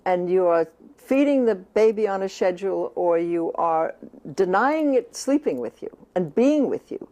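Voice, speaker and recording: Older American author, earnest and emphatic, warm low-key timbre; slips into speaking as the infant. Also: female voice. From United States. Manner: earnest, emphatic, often speaks as if she were the baby. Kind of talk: reflective talk on child rearing.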